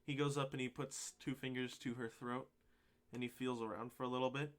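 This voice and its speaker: Male game master, mid-pitched, hesitant narration full of fillers. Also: little pitch movement, brisk. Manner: hesitant, lots of ums and uhs.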